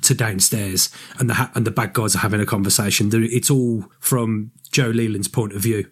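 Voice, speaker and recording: A man's voice: medium pitch, husky. A man co-hosting a podcast, chatting casually about a book and its film, rambling and correcting himself. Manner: rambling, self-correcting, animated. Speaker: podcast co-host.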